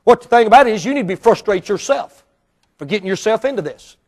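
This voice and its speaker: A preacher with a notably high-pitched male voice delivers an emphatic sermon. He drops to near-hushed asides, then climbs to loud, ringing outbursts. The sound is that of a man preaching in a church auditorium. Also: animated, quick pace. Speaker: Baptist pastor.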